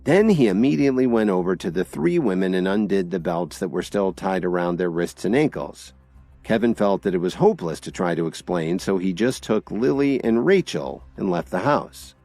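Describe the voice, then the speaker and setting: Low, expressive male audiobook narrator. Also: normal speed, no echo, soft background music.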